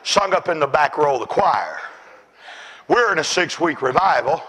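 A man preaching a sermon, telling stories with fervour and often shouting. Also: fairly high pitch, expressive, normal speed, breathy edge, low-quality recording. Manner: fervent storytelling, often shouting.

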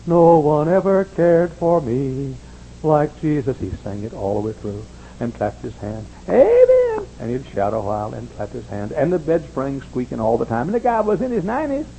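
An older man preaches a little fast in a creaky voice, spinning stories with gusto and quoting people in high-pitched impressions. The pastor's audio sounds dull, with slight background noise.

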